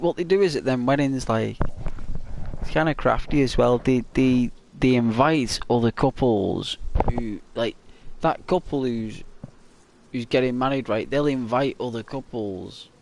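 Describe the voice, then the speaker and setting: A man's voice: mid-range voice, a little hiss or hum. A man chatting casually while playing a game, telling rambling anecdotes with frequent chuckles and fillers. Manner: rambling storyteller, chuckles often, many fillers. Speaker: gaming channel host.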